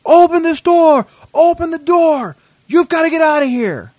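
A man voicing an older woman who runs hotel housekeeping, bossy and furious, shouting and scolding. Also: very high voice, animated, rapid-fire, creaky, no echo, pitched above the performer's own voice, full character voice.

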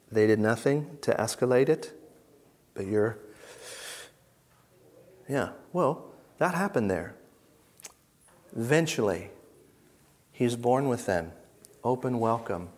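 A man giving a conference teaching talk to a live audience, emphatic, asking rhetorical questions and swinging between loud bursts and hushed asides. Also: medium pitch. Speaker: Bible teacher.

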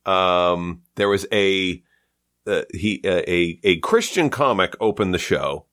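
A man's voice: sits low, slow pace. A male comedian from Canada chatting casually, telling stories and acting out quotes. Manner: animated storyteller, acts out quotes. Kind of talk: casual chat.

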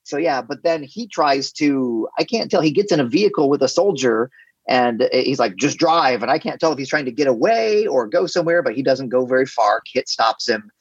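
Guy cohosting a podcast, husky lively voice, kinda muffled dry sound. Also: medium pitch, fairly quick, dry recording. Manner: animated, acts out scenes in put-on voices. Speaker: podcast co-host. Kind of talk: casual chat.

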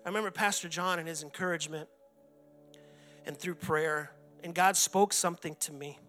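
A man's voice: a little high, steady tone, moderate pace, soft background music. A man in his forties, a pastor, preaching a sermon in a church and telling his own story earnestly. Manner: earnest personal testimony, reenacts his own anguished shouting prayers. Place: church sanctuary.

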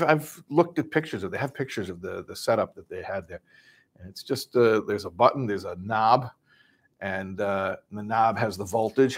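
A man from Chicago casually retelling a story, animated and full of restarts, acting out voices. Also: lowish voice. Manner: animated, acts out voices, many restarts and asides.

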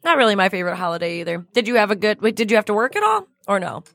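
Brief: female co-host, mid-pitched, easygoing and chatty, dry close studio mic. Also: big pitch swings, racing, gravelly, fairly bright tone, dry recording. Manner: chatty, agreeable, laughs often. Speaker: podcast co-host. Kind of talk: casual chat. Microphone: studio microphone.

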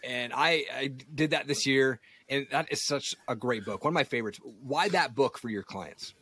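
A man's voice: mid-range voice, normal speed, sharp tone, breathy edge. A man hosting a podcast interview, asking questions and encouraging his guest. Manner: encouraging, affirming listener. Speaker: podcast host.

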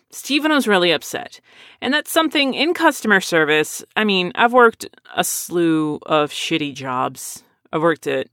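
Sardonic woman, lower voice, dry close mic; casual, animated storytelling. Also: no room sound.

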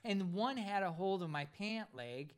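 A man co-hosting a casual chat, telling a long story with lots of energy. His voice sits a little higher than most men's, and he keeps slipping into the voices of the people in the story. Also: a little slow, background noise. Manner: animated storyteller, acts out voices of others. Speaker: podcast co-host, pilot.

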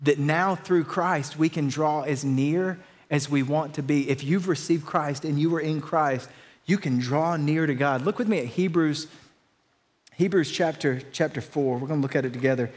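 Direction: a casual, fairly high-voiced male preacher. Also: moderate pace. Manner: casual, conversational preaching with slang asides. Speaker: pastor. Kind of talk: sermon.

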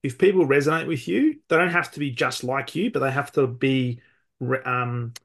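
A man hosting a podcast interview, thoughtful, summing up his guest's points with pauses and restarts. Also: medium pitch, vocal fry. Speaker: podcast host.

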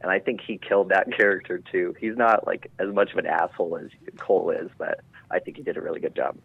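Deep-voiced man on a phone-like line. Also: fairly even intonation, fast talker, gravelly, husky. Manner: hesitant, many fillers and restarts. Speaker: podcast guest and game master. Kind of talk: casual chat.

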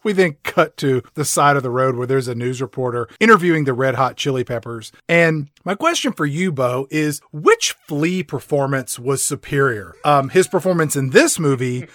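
A man's voice: medium pitch, animated, moderate pace, few pauses, fairly bright tone, no room sound, studio quality. A man co-hosting a comedy movie podcast, recapping scenes and riffing in jokey put-on voices. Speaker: podcast co-host.

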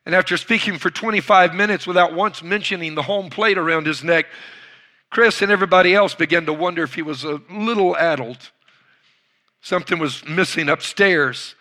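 A man preaching with a bright, ringing tone and a slightly high voice. He tells his story dramatically, swinging between loud bursts and near-hushed lines. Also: normal speed. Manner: dramatic retelling with acted quotes, loud bursts and hushed drops. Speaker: pastor. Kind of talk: sermon storytelling.

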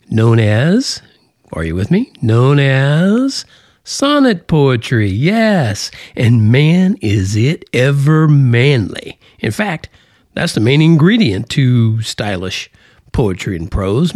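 Casting note: American male podcast host, mid pitch, chatty and joking, dry close mic. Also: a little mellow, no echo. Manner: jokey, chatty, self-correcting with fillers. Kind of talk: casual solo explainer.

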